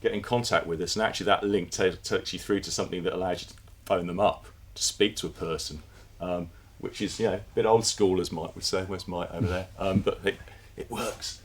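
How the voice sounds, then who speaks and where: A man's voice: sits low, fairly even intonation, a little fast, few pauses, slightly rough. A man giving a conversational conference presentation to an audience, with fillers and repeated words. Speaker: conference speaker. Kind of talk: presentation talk.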